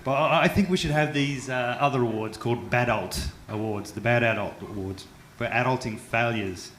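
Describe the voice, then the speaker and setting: An Australian man performs a stand-up comedy set on a club stage, self-mocking and chatty, tripping over his words. His voice sits at an ordinary middle pitch. The club sounds roomy, with faint noise behind him. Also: normal speed. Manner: chatty, self-mocking, with frequent stumbles and fillers.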